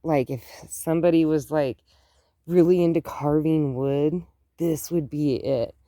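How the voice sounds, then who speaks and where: A woman's voice: low voice, fairly even intonation, unhurried, dark tone, no room sound, clean studio sound. A middle-aged woman chatting casually in her garden as she films, rambling with lots of "like". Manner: rambling, says "like" often. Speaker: gardening vlogger. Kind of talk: casual vlog chat. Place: outdoor garden.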